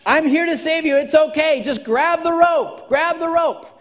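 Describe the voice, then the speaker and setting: A man voicing a boat captain who calls out loudly and insistently, raised in pitch. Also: fairly even intonation, extremely slow, in a large hall, heavily acted. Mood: calling out, urging. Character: boat captain, male adult, eager rescuer.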